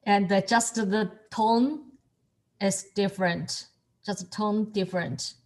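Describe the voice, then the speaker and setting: Slow, halting woman teaching on a video call. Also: mid-range voice, fairly even intonation. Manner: halting, repeats words, laughs often. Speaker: Mandarin tone teacher. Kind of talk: online class instruction.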